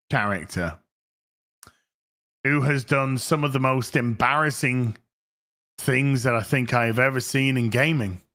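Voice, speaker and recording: A British man ranting as a show host, dry and scornful. He speaks slowly in a fairly high, bright voice. His sarcasm is deadpan throughout. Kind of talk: ranting video commentary.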